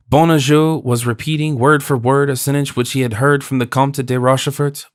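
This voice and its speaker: A man narrating a classic novel audiobook in a measured, even reading. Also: medium pitch, dry recording, studio quality. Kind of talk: scripted narration.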